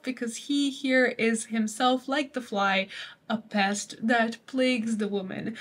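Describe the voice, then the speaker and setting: A woman's voice: fairly high pitch, fairly bright tone. Chatty woman explaining a poem. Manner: chatty and playful, laughing at jokes in the text. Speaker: literature study guide presenter. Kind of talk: study guide explanation.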